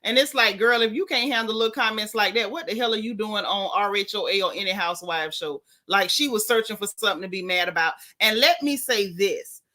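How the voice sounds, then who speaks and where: A woman's voice: medium pitch, a little fast, hardly any pauses. Sassy woman gossiping on a live stream. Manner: sassy, blunt, animated gossip. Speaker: show recap host. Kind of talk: casual live-stream chat.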